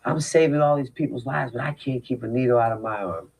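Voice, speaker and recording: Poor audio captures a man's medium-pitched voice, quick-paced, creaky, a little mellow and slightly rough. He's telling his recovery story in a personal storytelling talk, speaking openly and emphatically about his past with frequent rhetorical asides.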